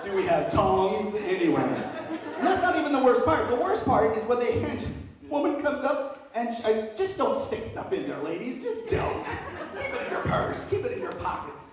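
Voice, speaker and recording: A stand-up comedian with an extremely high-pitched voice tells stories at a moderate pace, full of energy and laughing his way through them. He sounds far from the mic in a very echoey room, with a crowd behind him and a rough recording quality.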